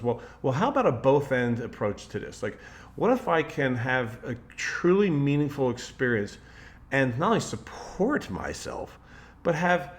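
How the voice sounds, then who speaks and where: A man's voice: mid-range voice, big pitch swings, measured pace. A man speaking in a casual, rambling monologue as a motivational speaker, often restarting sentences and switching into quoted voices. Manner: rambling, with frequent restarts and "like" fillers.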